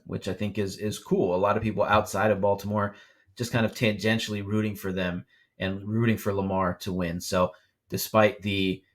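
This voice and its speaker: A young man co-hosting a sports podcast, talking casually and ranting with laughs. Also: fairly low pitch. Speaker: podcast co-host.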